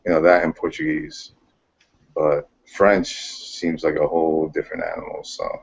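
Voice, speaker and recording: A man's voice: very deep voice, very animated, moderate pace. A man in casual chat who talks hesitantly, with many ums and restarts. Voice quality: gravelly and husky. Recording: dull lo-fi recording.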